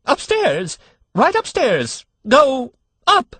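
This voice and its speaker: A man's voice: very high-pitched, huge pitch swings, extremely slow, sharp tone, slightly rough, dry recording, pitched above the performer's own voice, heavily acted. A man voicing a terrified young female nurse who cries out shrilly and hysterically.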